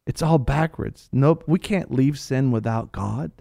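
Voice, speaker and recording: A man preaching a sermon with passion, swinging between hushed lines and loud ones, addressing his listeners directly as sir and ma'am. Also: medium pitch, unhurried, creaky, few pauses, no echo, studio quality.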